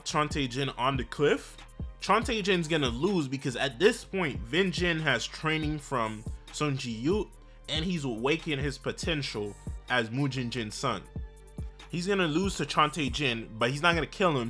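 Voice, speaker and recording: A man casually recapping a comic chapter with animated, slangy storytelling. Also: mid-range voice. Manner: animated, slangy storytelling, frequent "bro" and "basically". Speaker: manhwa recap YouTuber.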